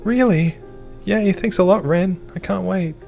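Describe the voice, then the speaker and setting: A man voicing a cheerful, excited young woman in a visual novel, talking high and eager. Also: brisk, faint music behind, lightly acted.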